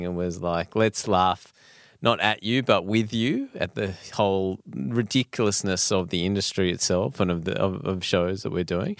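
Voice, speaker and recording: A man's voice: on the low side, smooth, no echo, studio quality. A man interviewing a guest in a casual chat, musing thoughtfully before he asks questions.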